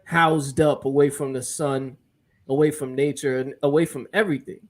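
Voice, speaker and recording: A man's voice: medium pitch, steady tone, moderate pace. A man co-hosting a barbershop podcast, making points earnestly and checking that listeners follow. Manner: earnest, lecturing, often asks "you get what I'm saying?". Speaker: podcast co-host. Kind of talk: casual barbershop chat.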